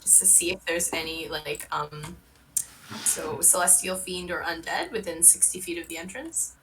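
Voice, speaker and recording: A woman's voice: fairly low pitch, moderate pace, recorded from a distance. Woman, tabletop player, casual, amused, mic set back, faint background noise. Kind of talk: casual tabletop game chat.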